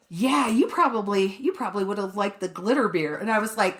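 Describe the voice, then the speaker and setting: A woman's voice: a little high, lively intonation, a little fast, few pauses, a bit bright. A woman co-hosting a podcast, telling a story in casual chat, swearing freely and laughing often. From Colorado, USA. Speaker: podcast co-host.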